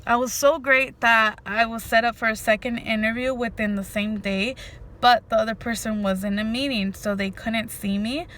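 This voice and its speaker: A woman's voice: fairly high pitch, moderate pace. A woman vlogger telling a story to her viewers in a casual, emphatic way, often saying "freaking" and speaking to them directly. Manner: animated, emphatic, says "freaking" a lot.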